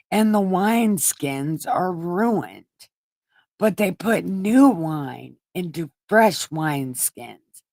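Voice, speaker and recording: A woman's voice: fairly low pitch, a little mellow, no room sound. A woman hosting a show, retelling Bible stories in a casual, irreverent way with profane, sarcastic asides. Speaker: host reading scripture.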